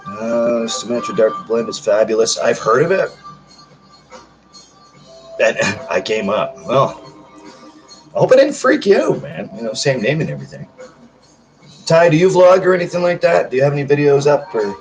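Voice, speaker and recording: A man's voice: mid-range voice, animated, normal speed, pauses often, faint music behind, rough recording. A man in his thirties chatting casually on a livestream, reading out comments in a rambling, self-joking way. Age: 30s. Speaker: livestream host.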